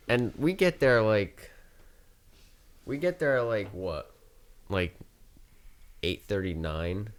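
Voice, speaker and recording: A man's voice: medium pitch, clear, resonant tone. A young man from New Jersey, a podcast guest, telling a rambling, profane story in casual chat full of "like". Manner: rambling, filler-heavy, profane anecdote telling.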